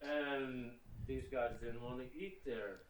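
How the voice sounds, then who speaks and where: A man's voice: mid-range voice, takes it slowly, a little hiss or hum, poor audio. A man co-hosting a podcast, making crude jokes and rambling through stories in casual banter. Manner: crude joking, rambling asides.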